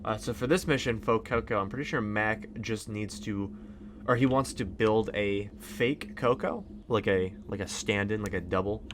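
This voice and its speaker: Chatty man with a low voice. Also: normal speed, background noise. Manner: rambling, chatty, many fillers. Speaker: let's play host. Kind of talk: casual gameplay commentary.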